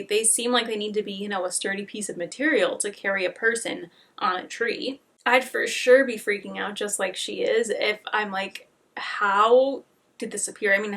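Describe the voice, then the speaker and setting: A woman's voice: medium pitch, gravelly, a bit bright. A woman hosting a compilation, giving chatty reaction commentary and correcting herself as she muses. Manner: chatty, self-correcting, musing. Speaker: compilation host.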